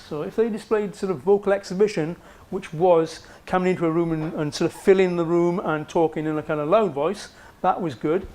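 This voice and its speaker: Male lecturer, slightly raised pitch, chatty, filler-heavy delivery, university talk. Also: darkish tone. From Wales. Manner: conversational, frequent "okay" checks and fillers. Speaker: psychology lecturer. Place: lecture room.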